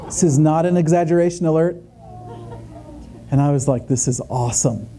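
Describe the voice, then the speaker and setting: A man speaking at a conference, telling a humorous story in a chatty, animated way with many asides. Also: on the high side, normal speed. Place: conference stage before an audience.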